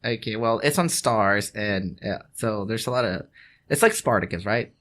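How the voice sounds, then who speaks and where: A podcast co-host rambles loosely through a story in casual chat, his voice on the low side, a bit bright, and moderately paced. He swears freely, keeps restarting his sentences, and breaks into laughter.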